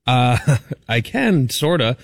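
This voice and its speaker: A man's voice: mid-range voice, very animated, slow pace, gravelly, dry recording, clean studio sound. A man, a regular on a radio show, reading out a menu in easygoing, joking banter. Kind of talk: casual studio banter.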